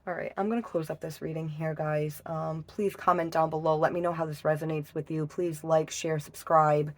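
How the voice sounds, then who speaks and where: A woman giving a casual tarot reading, emotional and halting, swearing often and restarting her sentences. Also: sits low, fairly even intonation. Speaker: tarot reader.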